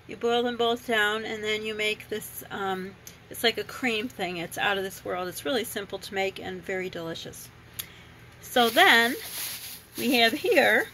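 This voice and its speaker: With a fairly high, sharp-toned voice and an unhurried pace, a grocery-haul vlogger raised abroad chats casually in her kitchen about fruit and veg. She rambles with many ums and corrections, and the poor audio has a little hiss or hum.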